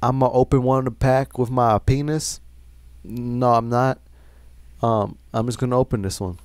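A man's voice: medium pitch, steady tone, moderate pace, clean tone, dry recording. A man hosting a gaming channel, giving casual commentary, frustrated and swearing as he grumbles about bad luck.

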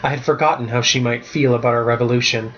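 A man's voice: mid-range voice, fairly even intonation, fast, a bit bright. Man reading his story aloud, muffled. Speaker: author reading his book. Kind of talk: storybook narration. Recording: muffled lo-fi recording.

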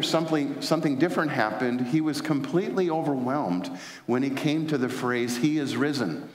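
A man's voice: medium pitch, a little hiss or hum. A man preaching a sermon as pastor, telling stories with frequent fillers and restarts. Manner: storytelling, many fillers and restarts. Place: large church sanctuary. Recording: echoey church hall.

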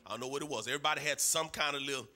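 A man's voice: mid-range voice, very fast, sharp tone. A man preaching a sermon in a church, emphatic and rhythmic, with repeated phrases and call and response. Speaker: pastor. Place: church sanctuary.

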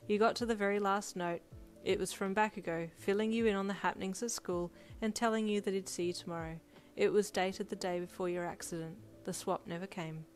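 A woman reading a second-person fan fiction story in an even, steady way. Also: medium pitch. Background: faint music.

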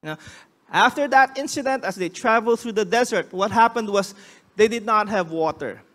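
Very high-voiced male pastor preaching. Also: normal speed, fairly bright tone. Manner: emphatic preaching, acting out quoted voices; frequent restarts. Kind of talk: sermon.

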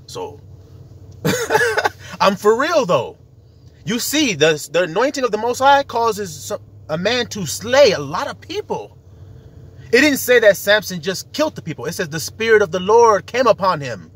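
A man's voice: high voice, sing-song, moderate pace, fairly bright tone, husky. A man preaching in a casual, profane monologue, citing scripture in slangy street talk and laughing as he acts out what others say. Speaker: self-styled preacher.

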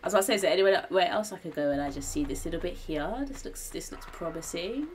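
A young woman giving live commentary on a game she is streaming, talking to herself and her viewers and gasping and shouting when something startles her. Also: lowish voice, fast talker, a little hiss or hum, poor audio. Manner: excitable, gasping and shouting at surprises.

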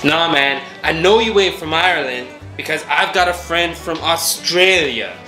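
A man's voice: a little high, lively intonation, unhurried, sharp tone. A man voicing a cocky young male bar-goer who talks in a brash, dismissive, slangy way. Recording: echoey room with music.

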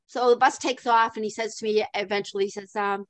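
An older woman, a podcast guest, telling a story in an animated way with frequent laughs and acted-out dialogue. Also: medium pitch, fast talker, no room sound. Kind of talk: storytelling interview.

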